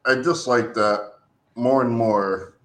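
A man co-hosting a casual movie review chat, grumbling through drawn-out complaints. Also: mid-range voice, fairly even intonation, echoey room.

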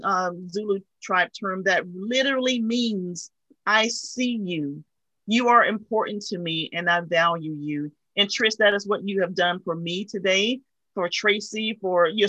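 A woman guest speaks with a bright, clear tone, recorded close and dry. She tells a personal story in an earnest, heartfelt way, as a guest on a talk show. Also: medium pitch, no room sound, rough recording.

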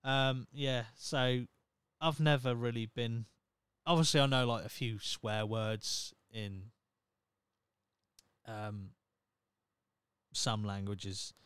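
A man from Norfolk in his thirties rambles through a casual solo podcast, swearing and teasing himself. He speaks slowly with long pauses, his medium-pitched voice steady, a bit bright, clear and resonant, with no echo.

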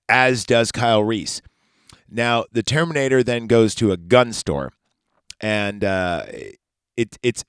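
A man's voice: lowish voice, fairly bright tone, no echo, studio quality. A man hosting a casual podcast, recapping a movie from memory with profane, rambling rants and asides. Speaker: podcast host.

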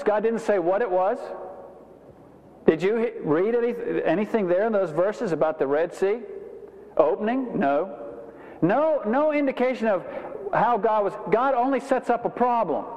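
A man preaching a sermon as pastor, animated, acting out quoted voices as he talks. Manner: animated, acts out quoted voices with rising pitch. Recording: dull reverberant hall recording.

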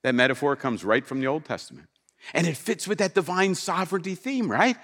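A man preaching a sermon to a congregation, animated and emphatic, acting out the scripture he quotes. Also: fairly high pitch, a little fast. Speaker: pastor. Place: church with slides.

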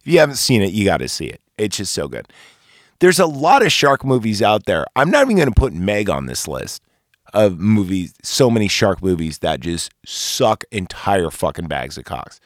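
A man with a fairly low voice reviews films in a loose, rambling podcast chat. He swears constantly and gushes with enthusiasm. The sound is dry and close, with no room echo. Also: very animated, moderate pace. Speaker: podcast host. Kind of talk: casual movie review.

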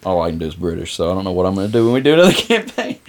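Brief: male podcast co-host, lowish voice, halting and thinking aloud. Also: big pitch swings. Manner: hesitant, restarting, thinking aloud. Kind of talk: casual group chat about a tabletop game.

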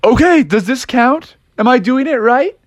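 Storybook frog: small, eager, jittery male frog, very high squeaky voice, put on by a man telling a bedtime story. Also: expressive, moderate pace, no echo, studio quality. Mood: nervous. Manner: squeaky, breathless, exclaiming. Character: excitable little male frog, nervous and eager.

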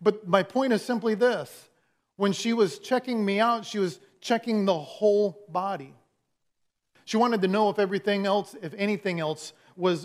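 High-voiced, folksy preacher man. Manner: folksy storytelling with humor. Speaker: pastor. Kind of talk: sermon.

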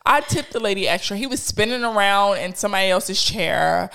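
A woman podcast host, telling stories in slangy, animated casual chat. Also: medium pitch, fairly quick, gravelly, clean tone. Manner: animated storyteller, slangy, laughs.

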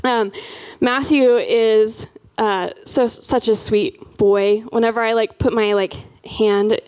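Brief: young woman, campus missionary, chatty church talk, pitched a bit high, lots of ums. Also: fairly even intonation, takes it slowly, darkish tone, clean tone. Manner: chatty, frequent "um" and "like" fillers.

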